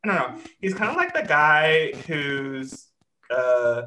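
A man talks through a show recap in casual chat, his pitch leaping up and down as he acts out characters and swears freely. His voice is bright and forward. The room around him rings with noticeable echo. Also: lively intonation, takes it slowly. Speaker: podcast host recapping a show.

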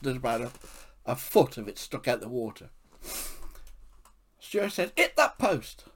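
Man, anecdotal storyteller, lively rising and falling voice, chuckles through his tales. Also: medium pitch, unhurried, breathy edge. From England. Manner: animated, often laughing at his own stories. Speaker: podcast storyteller.

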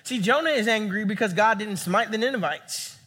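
A young man preaching a sermon as a campus pastor, animated and acting out the people he quotes. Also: high-pitched, normal speed. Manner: animated, acts out quoted voices.

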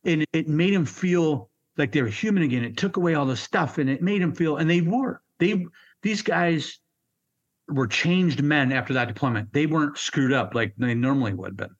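A man's voice: a little high, animated, moderate pace, lo-fi sound. A middle-aged man, a Marine veteran, telling war stories bluntly in an interview, swearing and acting out the dialogue. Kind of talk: storytelling interview.

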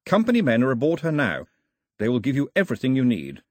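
An audiobook narrator, a man, voicing an officious male company agent who shouts his orders. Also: mid-range voice, huge pitch swings, quick pace, dry recording, studio quality, voice pushed up. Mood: commanding. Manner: shouting through a megaphone, officious.

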